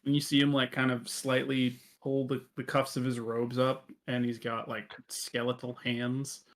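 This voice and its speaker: A man's voice: medium pitch, little pitch movement, moderate pace. A man narrating a tabletop game as game master, with a rambling, hesitant delivery full of fillers.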